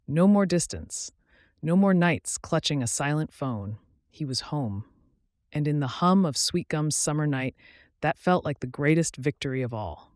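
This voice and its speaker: A man narrating a romance audiobook in a soft, intimate, unhurried way on a close studio mic. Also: medium pitch, dry recording.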